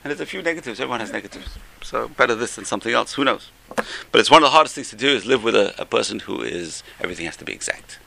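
An older man giving an informal Musar class, conversational, repeating key phrases and getting louder for emphasis. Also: medium pitch, lively intonation, rapid-fire, vocal fry, slight background noise. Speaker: Torah teacher.

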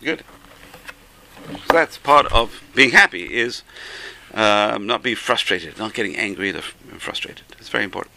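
A man's voice: lowish voice, animated, a little slow, vocal fry, bright, forceful tone, a little hiss or hum, low-quality recording. A man, teaching a Torah class, who repeats key phrases for emphasis and tells jokes along the way. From England.

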